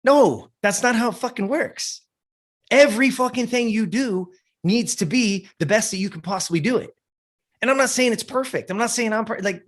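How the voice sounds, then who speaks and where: A man with a raspy, somewhat high voice holds forth as a podcast guest. His motivational talk is blunt, intense and full of swearing.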